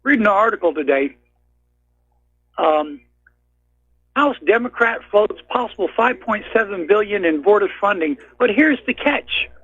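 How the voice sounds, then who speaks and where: Man, angry call-in rant, husky voice, tinny phone line, profane. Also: high voice, animated, a little slow, pauses often, fairly bright tone, no room sound. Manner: furious, blunt and profane. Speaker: caller. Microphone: telephone.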